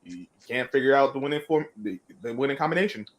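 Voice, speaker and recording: A man talking sports on a casual panel, reasoning things through in a measured way. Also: medium pitch, lively intonation.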